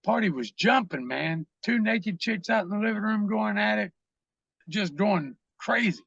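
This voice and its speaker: High-voiced man, rambling profane storyteller. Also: lively intonation, a little slow, vocal fry, fairly bright tone, breathy edge, no room sound, lo-fi sound. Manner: rambling, profane, lots of fillers. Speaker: guest. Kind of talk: casual storytelling interview.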